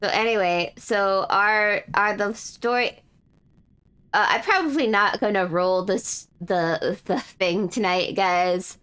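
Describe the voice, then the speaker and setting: A woman's voice: mid-range voice, slow, fairly bright tone, clean tone. A woman streamer in casual chat, feeling a bit unwell, rambling and correcting herself with frequent laughs.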